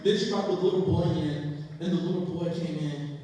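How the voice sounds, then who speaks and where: A young man doing stand-up comedy, telling a story in a profane, animated way and acting out the voices of the people in it. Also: on the high side, normal speed. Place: comedy stage in a hall. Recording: echoey hall, voice from far off.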